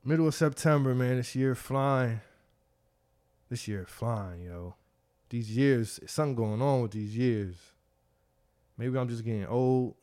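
A middle-aged man hosting a podcast, telling stories in a loose, profane, animated way with frequent laughter. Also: medium pitch, slow, pauses often. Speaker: podcast host. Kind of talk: casual chat.

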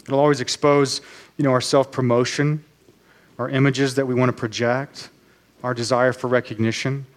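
A man preaching a sermon as pastor, earnest and measured, slowing down on key phrases. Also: mid-range voice, level tone.

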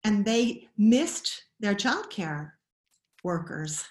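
A middle-aged woman explains her views in a conversational interview. She thinks aloud, pausing and restarting sentences as she goes. Her voice sits at an ordinary pitch, and the room around her adds a clear echo. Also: animated. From Scotland. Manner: thoughtful, many restarts and pauses. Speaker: guest expert on child attachment. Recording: roomy echo.

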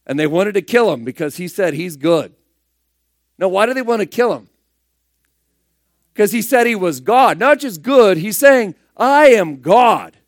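A man preaching a sermon, firing rhetorical questions and swinging between loud emphatic bursts and hushed asides. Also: sits high, animated, normal speed, pauses often, no echo, clean studio sound.

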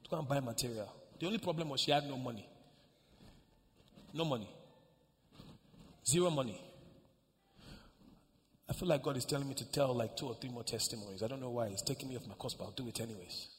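A man pastor preaching, telling a story with sudden shouts and hushed asides. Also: medium pitch, fast, pauses often. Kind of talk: sermon. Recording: echoey hall, faint ambience.

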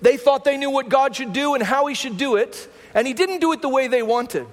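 Guy pastor giving a sermon, chatty style, really high voice, echoey hall sound. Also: a little fast. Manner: conversational preaching with rhetorical "right?" asides.

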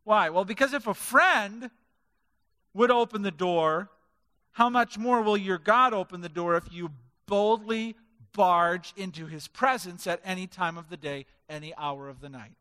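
A man's voice: high-pitched, unhurried, pushed and bright, clear, resonant tone. A male pastor preaching a sermon, emphatic and driving his points home with stacked lists of words. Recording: reverberant hall.

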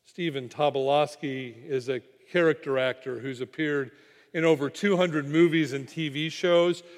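A man's voice: fairly high pitch, steady tone, moderate pace. Preacher man in a big reverberant hall. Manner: dramatic storyteller, dropping to quiet for weight. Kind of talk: sermon storytelling.

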